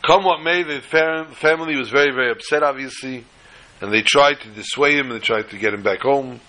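A man telling a story in a religious talk, in an animated, halting delivery with frequent restarts. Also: mid-range voice, rough recording.

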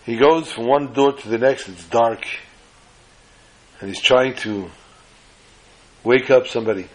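A man telling a story aloud, acting out the characters' lines with a raised, excited voice. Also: medium pitch, measured pace, long pauses, low-quality recording. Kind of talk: animated oral storytelling.

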